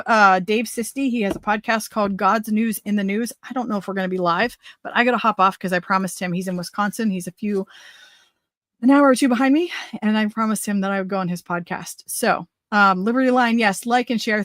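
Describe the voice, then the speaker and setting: A woman in her forties hosts a political livestream, chatting energetically and rambling from point to point. Her voice sits at a middle pitch and sounds a little strained, as she is losing it. The sound is dry and close, with no room echo. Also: fairly bright tone. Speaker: host. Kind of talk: political livestream talk show.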